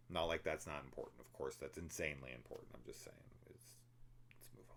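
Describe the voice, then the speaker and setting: A man's voice: a bass voice, fast talker, a bit bright, in a whisper. A man hosting a horror film review show, talking casually and opinionatedly with plenty of swearing and rambling asides. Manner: laughs and mimics characters while telling the plot. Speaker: film review podcast host. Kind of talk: casual spoiler discussion.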